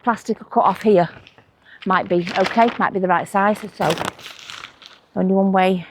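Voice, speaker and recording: A woman's voice: mid-range voice, steady tone, normal speed, noisy background. A woman chatting casually to camera while working at her allotment, with playful conspiratorial asides. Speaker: allotment vlogger. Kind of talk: casual chat while gardening. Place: outdoor allotment garden.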